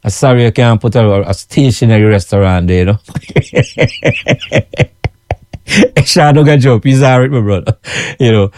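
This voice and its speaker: A man with a warm, lowish voice speaks in studio quality with no room sound. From Guyana and carrying a Guyanese accent, he runs his own food vending kitchen and chats casually with followers, repeating himself and often asking "you know what I'm saying".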